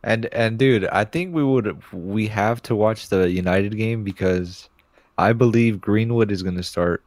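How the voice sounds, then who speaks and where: A man's voice: on the low side, a little slow, darkish tone, no echo. A young man in casual soccer chat, slangy and full of "bro" and "dude".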